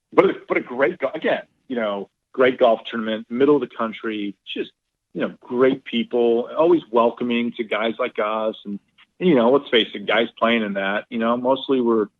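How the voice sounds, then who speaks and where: A man on a podcast, a golf professional, telling long stories in a rambling, animated way full of fillers. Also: medium pitch, moderate pace. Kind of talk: casual storytelling interview. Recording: phone-line quality.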